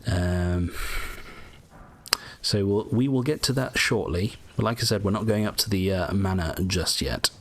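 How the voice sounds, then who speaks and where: A man's voice: low-pitched, unhurried. A man casually commenting as he plays through a game, explaining tips and muttering asides to himself. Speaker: gameplay walkthrough host.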